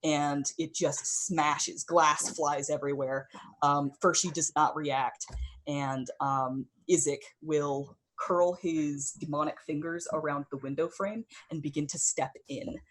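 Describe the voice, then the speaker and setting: A woman with a low voice runs a tabletop game, describing the action scene by scene. She keeps an easy, unhurried manner and fills pauses with soft ums. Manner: relaxed, with frequent ums. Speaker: game master.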